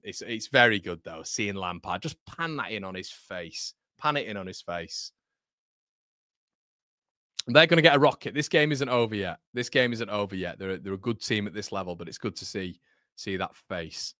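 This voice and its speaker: A man hosting a live football watchalong, commentating excitably and bantering with his chat. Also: lowish voice, dry recording, clean studio sound.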